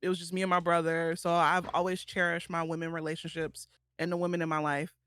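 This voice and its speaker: A woman's voice: lowish voice, level tone, fast talker, a bit bright, smooth. A woman streamer, talking tearfully and affectionately to her friends in casual chat.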